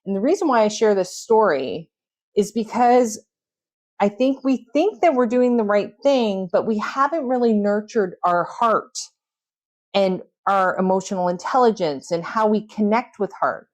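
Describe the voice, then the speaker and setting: A woman with a mid-range, slightly slow voice hosts a podcast. She talks earnestly in a reflective, storytelling way, coaching herself as she goes in this solo episode.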